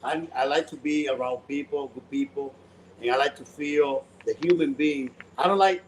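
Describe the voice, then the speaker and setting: A man's voice: medium pitch, moderate pace, slight background noise, rough recording. A man who owns a cigar lounge, talking in a casual interview and telling stories animatedly in broken English.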